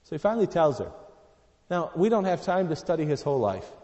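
A man delivers a sermon with a slightly raised pitch, moving from hushed, low stretches to loud, pressing emphasis as he reads scripture aloud. His voice rings out with the long reverb of a large hall. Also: very animated, quick pace, dull audio. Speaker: preacher.

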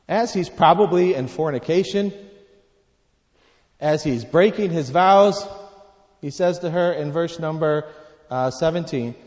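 A man preaching a sermon, reading scripture aloud and swinging between quiet, low passages and loud, emphatic ones. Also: long reverb tail.

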